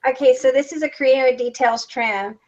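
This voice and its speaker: A woman's voice: sits high, steady tone, normal speed. A woman hosting a crafting livestream, chatting casually and reading out viewer comments while she works. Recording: dull lo-fi sound.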